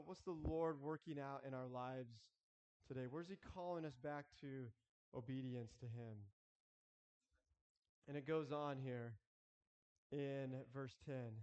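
A man preaching a sermon earnestly, with halting restarts, acting out prayers as he goes. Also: a little high, darkish tone, clean tone, long reverb tail. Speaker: pastor.

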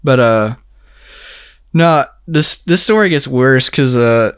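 A young man in a casual chat, telling a story in a rambling way, full of filler words and quick laughs. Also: medium pitch, a little hiss or hum.

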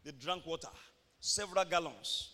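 Nigerian male pastor, sharp bright tone, animated sermon delivery, reverberant church room. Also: fairly high pitch, moderate pace. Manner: animated preaching, shifts between soft talk and shouts.

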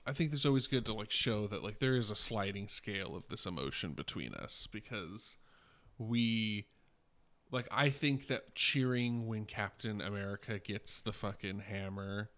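A man's voice: on the low side, normal speed, fairly bright tone. A man in his late twenties, a podcast co-host chatting casually, rambling with lots of fillers and swearing. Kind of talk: casual chat.

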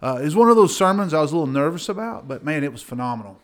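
A man's voice: fairly high pitch, animated, very fast. A middle-aged man, a pastor, talking earnestly and enthusiastically in a casual ministry chat, with many fillers and repeated words.

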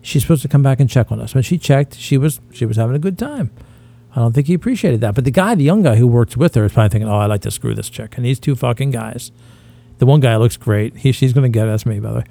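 Fast-talking and expressive, this man in his fifties has a medium-pitched voice that is both gravelly and mellow. As a podcast co-host, he spins rambling, profane stories in casual chat, sliding into impressions.

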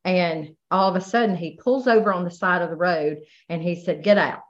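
Woman guest, lower voice, halting and hesitant delivery, dull lo-fi recording. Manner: halting, many restarts and "you know". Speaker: guest sharing her testimony. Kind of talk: emotional personal testimony.

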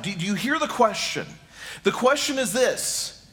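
A man's voice: sits high, expressive, moderate pace, fairly bright tone. A middle-aged man preaching a sermon as pastor, repeating rhetorical questions and speaking straight to his listeners.

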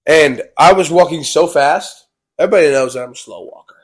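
A young man, one of a casual vlog's co-hosts, rambles through a personal story and keeps repeating "I was like." His voice is on the high side and slightly rough, and he talks fairly quickly.

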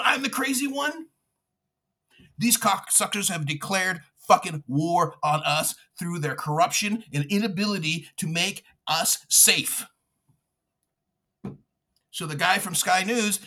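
A fired-up man tears into his targets in a loud, profane political rant. His voice is bright and forceful and sits a little high for a man. He mocks, swears and pushes every point hard. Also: slightly rough. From United States. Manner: furious, profane, shouting and mocking. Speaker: podcast host.

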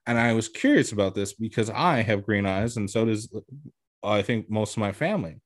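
A man's voice: on the low side, animated, moderate pace, no echo. Young male podcast host, casual and chatty, laughs easily, dry close-miked voice. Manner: chatty, laughs often, says "like" a lot. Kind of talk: casual chat.

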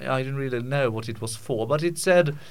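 A man's voice: medium pitch, fairly quick. A man hosting a podcast, ranting casually in a jokey, mock-indignant way, rambling with many restarts and stammered repeats. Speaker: podcast host. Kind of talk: casual comic rant.

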